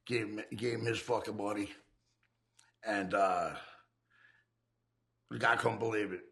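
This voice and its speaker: A man's voice: fairly low pitch, fairly even intonation, a little slow, vocal fry, a bit bright. A man candidly telling his life of crime in profane, streetwise talk. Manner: profane, streetwise, acts out quoted voices. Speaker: former criminal telling his life story.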